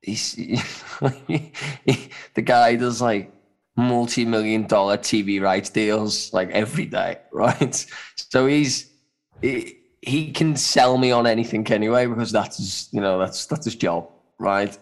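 A man's voice: lowish voice, measured pace. A young adult man co-hosting a casual podcast chat, rambling loosely with lots of "you know" and "man". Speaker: podcast co-host.

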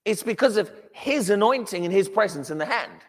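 Animated preacher man in a reverberant hall. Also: high voice, a little fast. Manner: animated, emphatic, with repeated restarts. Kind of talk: sermon.

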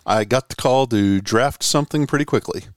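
A man from the Boston area hosts a casual podcast, telling jokey, animated stories as he chats. His voice sits in a middle pitch. The sound is dry, with no room around it. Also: normal speed, no echo. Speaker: podcast host. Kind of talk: casual chat.

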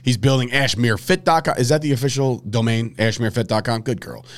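A man's voice: medium pitch, a little fast. A man hosting a podcast, joking and teasing his co-hosts in a loose, profane banter. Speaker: podcast host.

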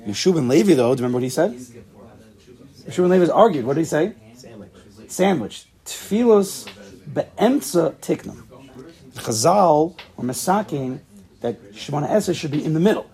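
A man's voice: fairly high pitch, sing-song, moderate pace, pauses often, warm tone. A man leading a casual Talmud study class, thinking aloud and checking in with his students. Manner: thinks aloud, asks the class questions, laughs at himself.

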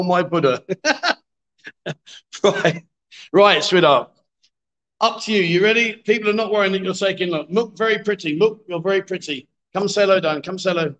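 A middle-aged man runs a live stream from a bar, coaxing the players and teasing them in a chatty, joking way. His voice sits fairly high for a man. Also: a bit bright, dull audio. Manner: jokey, coaxing, chatty with viewers. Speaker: livestream host. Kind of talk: live-streamed pool game commentary. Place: bar with a pool table.

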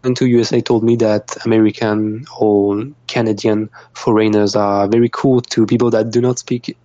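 Brief: young French-accented man, low mellow voice, dry dull sound, halting guest. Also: level tone, no echo. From France. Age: young adult. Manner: halting, restarts often, laughs easily. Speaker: guest musician. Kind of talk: casual interview chat.

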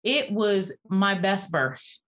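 A woman's voice: mid-range voice, expressive, slow pace, fairly bright tone. A woman in her forties, a guest on an interview podcast, talking passionately and at length in a casual, chatty way. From Atlanta area, USA. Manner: passionate, talkative, uses "y'all". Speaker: guest, physical therapist.

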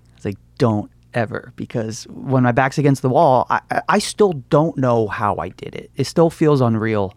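A man's voice: medium pitch, animated, normal speed, few pauses, no echo. Chatty man telling stories in a dry room. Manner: chatty storyteller, acts out quotes, laughs often. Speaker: comic book store owner. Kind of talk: casual interview conversation.

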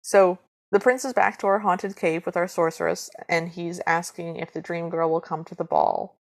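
A woman's voice: on the low side, fairly even intonation, normal speed, vocal fry. A young woman co-hosting a podcast, chatting casually and wryly about a film, reading from her notes and acting out quotes. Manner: wry, reads from her notes. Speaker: podcast co-host. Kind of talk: casual chat recapping a film.

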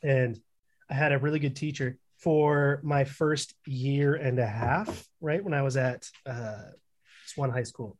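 A man's voice: mid-range voice, a little slow. A young man co-hosting a podcast, telling a long story in casual chat, rambling and correcting himself as he goes. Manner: rambling, swears, self-corrects. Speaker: podcast co-host.

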